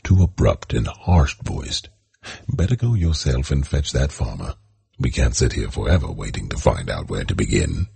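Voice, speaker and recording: A man's voice: rumbling low, sing-song, moderate pace, creaky, mellow, breathy edge, pitched below the performer's own voice, exaggerated voice. A man reading as a cool, soothing ambassador. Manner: soothing, cold.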